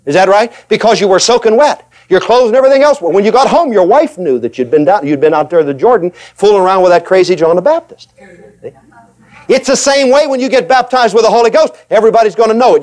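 A male preacher delivering a sermon with a notably high-pitched voice. He is animated and emphatic, slipping into little acted voices of hesitant listeners and hammering points home with repetition. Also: quick pace. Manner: animated, acts out voices of reluctant believers.

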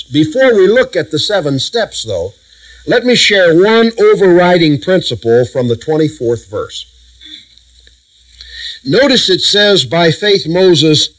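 Man preaching a measured sermon. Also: on the high side, poor audio. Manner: measured preaching with emphatic lists and prayer.

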